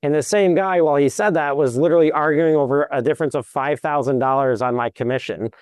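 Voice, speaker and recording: Smooth-voiced man telling lively stories. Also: on the high side, fast talker, dry recording. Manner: lively anecdotes, acts out quotes. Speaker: commercial real estate broker, guest. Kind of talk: animated storytelling in an interview.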